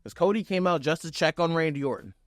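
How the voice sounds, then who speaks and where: A young man giving a casual, excited wrestling show recap, acting out quotes with loose swearing. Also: fairly high pitch, quick pace, dry recording, studio quality.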